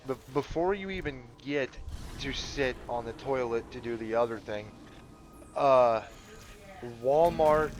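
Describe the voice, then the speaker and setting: A man's voice: medium pitch, dull audio. A man chatting casually over a game playthrough, rambling with lots of fillers and swearing. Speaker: gamer commentating a playthrough.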